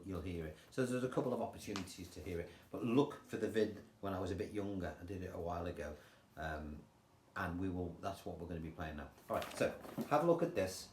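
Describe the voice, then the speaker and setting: An older man with an English accent, teaching guitar in a chatty, relaxed way and counting rhythms aloud. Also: deep voice, slight background noise. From England. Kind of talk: casual guitar tutorial. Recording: roomy sound with guitar playing.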